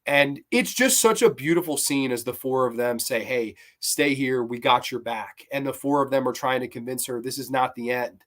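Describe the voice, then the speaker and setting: Ranking cartoon episodes on his casual review show, this host rambles enthusiastically and acts out quoted scenes in loose voices. His voice is mid-range, his speed normal, and he barely pauses.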